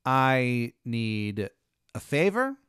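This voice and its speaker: Guy putting on a pushy wizard in a terrible maryland accent, wheedling and urgent, smooth voice, dry sound. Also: medium pitch, big pitch swings, drawn-out words, fairly bright tone, dry recording, full character voice. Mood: pressing. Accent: bad put-on Maryland accent. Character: pushy male wizard with an awful local accent.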